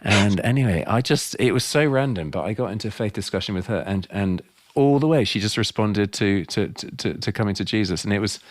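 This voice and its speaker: A man's voice: lowish voice, lively intonation, brisk, hardly any pauses, dry recording. A man hosting a podcast, chatting and sharing his own anecdote with his guest. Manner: brief affirmations, then tells his own anecdote. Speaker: podcast host. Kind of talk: conversational interview.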